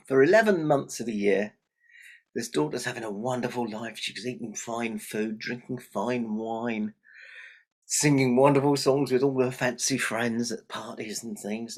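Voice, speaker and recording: Guy telling an old folk tale, chatty and lively, kinda husky voice. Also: mid-range voice, measured pace. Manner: lively, chatty, addresses the audience. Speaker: storyteller.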